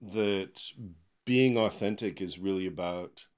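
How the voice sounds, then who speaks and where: A man speaking as a guest in a casual podcast interview, telling animated stories with laughs at a desk microphone in his home office. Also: sits low, slow, clean tone. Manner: animated storyteller with frequent laughs and quoted voices.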